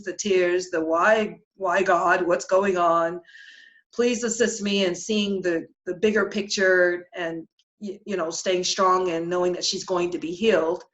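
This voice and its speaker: A middle-aged woman telling her own spiritual experience as a podcast guest, earnest and halting, with many restarts. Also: on the low side, fairly bright tone, dull audio. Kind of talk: emotional personal storytelling.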